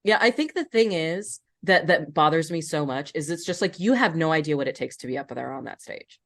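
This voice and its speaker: A woman's voice: low voice, animated, fairly quick. A woman hosting a podcast in casual chat, talkative and thoughtful, asking open questions. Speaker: podcast host.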